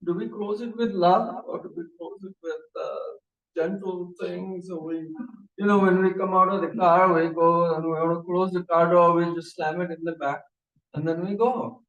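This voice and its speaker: Male meditation guide, high voice, unhurried anecdotal telling, roomy distant sound. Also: steady tone, dull audio. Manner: storytelling with soft laughs and asides. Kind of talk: gentle anecdotal meditation talk. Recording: echoey room, distant mic.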